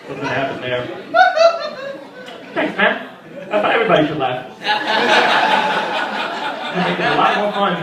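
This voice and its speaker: A young man doing a stand-up comedy set, animated and acting out characters with sudden loud squawks. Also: high-pitched, a little fast, long pauses, a crowd in the background. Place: small comedy venue at a birthday party. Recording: echoey room, mic at a distance. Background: audience laughter.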